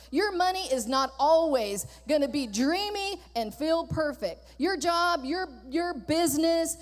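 A woman pastor preaching a sermon with animated, emphatic delivery and lots of repetition. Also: high-pitched. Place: church sanctuary. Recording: church hall reverb.

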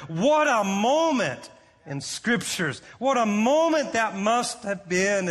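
A male pastor preaching a sermon, telling the story in an animated way and repeating words as he goes. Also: high-pitched, long reverb tail.

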